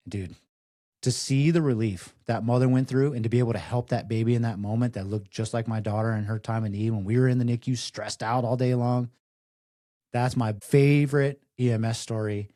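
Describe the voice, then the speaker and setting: A young man, a firefighter guest, telling stories casually on a podcast, full of "like" fillers and growing quiet in tender moments. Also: lowish voice, a little fast, dry recording, studio quality. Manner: animated storyteller, many "like" fillers, softens for emotional parts. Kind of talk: casual storytelling interview.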